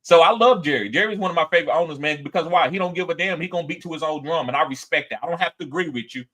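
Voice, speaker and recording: On his laid-back sports talk show, this animated male podcast host reads out chat comments and performs quotes in a raised voice. His delivery is rapid-fire.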